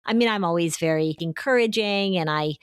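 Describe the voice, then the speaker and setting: A middle-aged woman hosting a podcast, talking in an expressive, encouraging way and explaining with everyday examples. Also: lowish voice, a little fast, clean tone, no echo, clean studio sound. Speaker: podcast host and anxiety therapist. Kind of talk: casual podcast chat.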